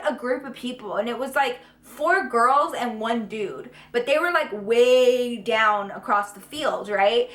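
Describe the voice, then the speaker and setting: A woman's voice: sits high, fairly bright tone. A young woman vlogger telling a dramatic story to her viewers in a casual, profane way. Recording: echoey room.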